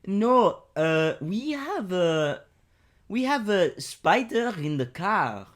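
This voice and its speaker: Put-on French mother, played by a man: hesitant, pleading, raised pitch. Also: big pitch swings, heavily acted. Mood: flustered pleading. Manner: halting, hesitant, accented. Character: flustered French mother with heavy accent.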